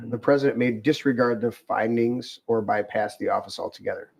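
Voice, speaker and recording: A man's voice: lowish voice, a little fast, creaky, darkish tone, husky. A man hosting a casual talk show with co-hosts, reading aloud from a web page with many fillers and restarts. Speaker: podcast host.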